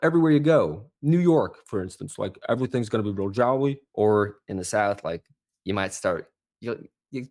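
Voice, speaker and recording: A man's voice: lowish voice, normal speed. Man talking animatedly on a podcast. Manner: animated storyteller, lively asides. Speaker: accent coach guest. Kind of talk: casual podcast chat.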